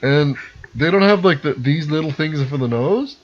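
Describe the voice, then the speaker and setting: A man, co-hosting a casual podcast chat at home, animated and quick to laugh. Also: on the high side, slight background noise. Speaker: podcast co-host. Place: house, over beers. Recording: dull lo-fi recording.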